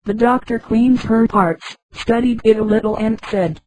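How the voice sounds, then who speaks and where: A woman's synthetic voice narrating a sci-fi story in an even, flat reading that reads punctuation marks aloud. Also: a little high, unhurried, no room sound, rough recording.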